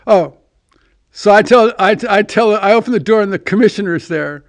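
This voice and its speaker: A man's voice: sits high, normal speed, no echo. A man telling a long story in casual chat, rambling and restarting as he acts out both sides of a conversation.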